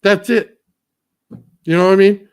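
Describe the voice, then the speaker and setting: A man's voice: high voice, fairly even intonation, unhurried, darkish tone, clean tone. A man on a casual talk show, ranting bluntly and profanely and ending nearly every point with "okay?". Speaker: guest, builder. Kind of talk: heated rant in casual talk.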